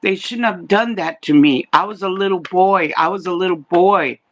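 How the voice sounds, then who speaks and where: A woman voicing a hurt, accusing young man's spirit, speaking in halting, repeated phrases. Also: on the low side, highs cut off. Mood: wounded.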